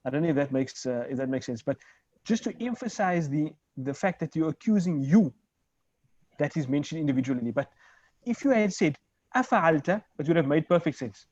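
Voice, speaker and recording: A male Arabic teacher leads an online class, patient and methodical, checking in with his students. His voice sits a little high for a man. The sound is dry and dull, like lo-fi call audio. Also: animated, fairly quick, darkish tone, no echo. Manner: patient, explains step by step, checks understanding.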